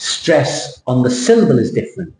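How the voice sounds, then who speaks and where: A man's voice: medium pitch, huge pitch swings, fast, darkish tone. A man teaching a casual lesson, explaining by example and switching into Thai. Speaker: English teacher. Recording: echoey room, faint noise.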